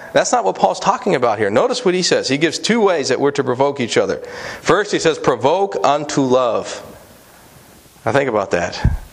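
A male pastor preaching a sermon in a folksy, storytelling way with frequent fillers. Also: medium pitch.

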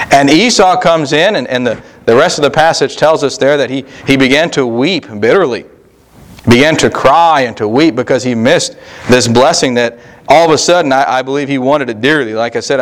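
A male pastor preaching a sermon in a folksy, conversational way, slowing down to stress key words. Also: mid-range voice.

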